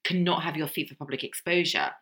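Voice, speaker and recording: A woman co-hosting a podcast, chatting casually with playful teasing and excited gasps. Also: deep voice, a little fast. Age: younger than co-host. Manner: enthusiastic, gasping, playful teasing. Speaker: podcast co-host. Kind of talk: casual chat.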